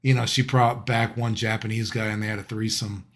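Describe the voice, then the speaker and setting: A man's voice: on the low side, level tone, brisk. A young man streaming live, telling a story casually and laughing often through it.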